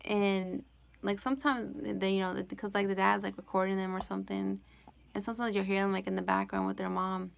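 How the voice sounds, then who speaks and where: A woman's voice: medium pitch, little pitch movement, brisk, creaky. A woman hosting a casual live Q&A from home, rambling with lots of "like" and "you know" and giggling often. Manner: giggles often while talking. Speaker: live-stream host answering chat questions.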